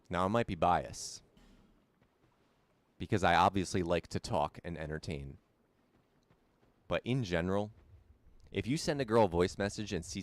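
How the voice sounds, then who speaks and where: A man's voice: deep voice, dry recording. A young man streaming a video game, chatting casually, repeating himself and answering viewer comments. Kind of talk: casual live-stream chat while gaming.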